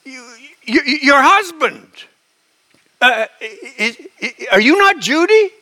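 A man's voice: high voice, moderate pace, pushed and bright, smooth. A male preacher voicing a reassuring middle-aged mother speaking on the phone, in a soothing, motherly way. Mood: confused.

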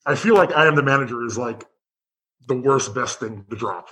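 A man's voice: medium pitch, normal speed, bright, forceful tone, rough recording. A man co-hosting a podcast, talking loosely in casual chat with fillers and swearing. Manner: loose, profane, filler-heavy.

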